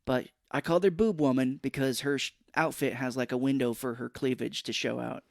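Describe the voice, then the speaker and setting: A man's voice: medium pitch, steady tone, vocal fry, no echo, clean studio sound. Man sarcastically recapping a film. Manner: recaps a film with sarcastic asides and quick impressions of characters. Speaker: podcast co-host. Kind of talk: casual chat.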